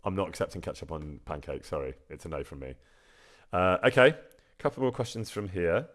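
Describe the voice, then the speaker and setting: A man's voice: deep voice, sing-song, a little fast. A man, chatting casually on a live stream and answering viewer questions, self-deprecating and laughing often. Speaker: streamer and actor.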